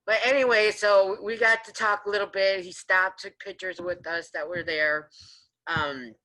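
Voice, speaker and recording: A woman housing advocate answering interview questions on a video call, telling her stories in an animated way and acting out what people said. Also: mid-range voice, normal speed, low-quality recording. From San Diego area, California. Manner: animated storyteller acting out her own quotes. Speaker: housing advocate and resident leader. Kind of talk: storytelling in a panel interview.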